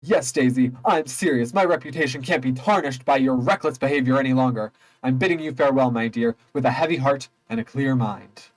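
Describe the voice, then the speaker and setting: A man voicing a wealthy, self-important gentleman in a game, speaking in a pompous, dramatic way. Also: mid-range voice, a little fast, few pauses, lightly acted, poor audio.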